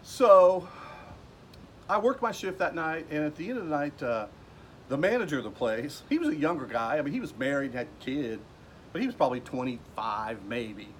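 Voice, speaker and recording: A man recounts a story from his past in a loose, rambling way, slipping into the voices of the people he quotes. His voice sits a bit higher than most men's. A faint background hiss runs under the recording. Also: expressive, normal speed. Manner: rambling, with fillers and restarts, acting out quoted people. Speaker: vlogger telling a personal story. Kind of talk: casual storytelling. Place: at home.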